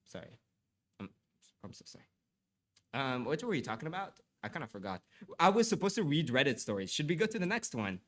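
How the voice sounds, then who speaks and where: A young man chats with viewers on a livestream and reads aloud, his medium-pitched voice sing-song, slightly bright, and a little fast, with frequent pauses. He keeps apologizing, stammers and repeats himself, and sounds a bit stuffy from allergies.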